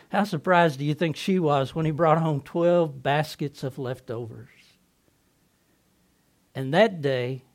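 A man playing excitable fisherman Peter, high-voiced. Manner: earnest, excitable storyteller. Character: Simon Peter, impulsive adult fisherman apostle. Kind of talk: first-person dramatic monologue.

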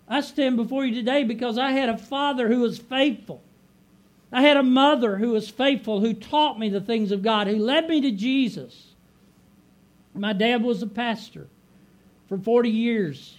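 A middle-aged man with a strikingly high voice, preaching a heartfelt sermon. He builds emphasis through repetition and drags out key phrases. His delivery rises and swells as he drives each point home. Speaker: pastor.

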